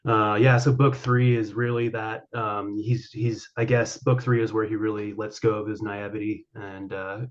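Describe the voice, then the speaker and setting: A man's voice: on the low side, dull audio. A man being interviewed as an author guest, answering at length with many fillers and restarts. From Colorado.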